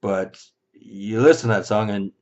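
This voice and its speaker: A man with a fairly low voice delivers a heated, foul-mouthed opinion rant. He swings from muttered asides to sudden loud outbursts and slips into mocking voices to quote the people he scorns. The recording sounds dull and lo-fi. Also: fairly even intonation, a little slow. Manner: mocking put-on voices when quoting others. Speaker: vlogger. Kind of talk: ranting opinion monologue.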